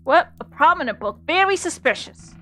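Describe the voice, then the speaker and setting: A woman's voice: sits high, expressive, moderate pace, sharp tone, soft background music. A woman streamer giving jokey, giggly commentary while playing a story game. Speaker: VTuber streamer. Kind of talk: casual gameplay commentary.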